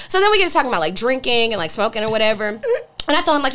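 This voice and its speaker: A young woman, co-hosting a podcast and telling animated, profane stories, acting out the people in them. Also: a little high, very fast. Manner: animated, profane storytelling with voiced quotes. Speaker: podcast co-host. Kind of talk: casual storytelling chat.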